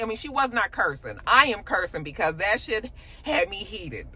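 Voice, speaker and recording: A woman retells a TV episode in loose, animated chat, swearing freely and leaning on "you know." Her voice is bright and forward, and her pitch stays mid-range. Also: moderate pace, husky, low-quality recording. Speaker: show recap host. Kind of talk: casual chat.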